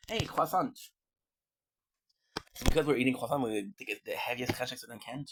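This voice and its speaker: A man's voice: medium pitch, fairly even intonation, normal speed, long pauses, slight background noise. A man streaming and chatting casually while he eats, joking and rambling with lots of fillers and murmurs of enjoyment. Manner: joking and rambling, with many fillers and food sounds.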